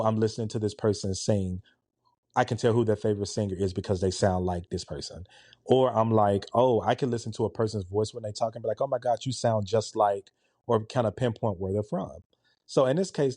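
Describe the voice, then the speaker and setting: A man in his forties casually telling a story in an animated, conversational way. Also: fairly low pitch, no room sound, studio quality. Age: 40s. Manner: animated, conversational, with a laid-back, relaxed tone.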